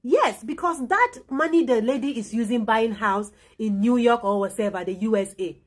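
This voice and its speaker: A woman's voice: a little high, lively intonation, normal speed, few pauses. Chatty woman hosting a reaction video. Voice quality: indignant, chatty. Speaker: channel host. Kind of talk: casual reaction commentary.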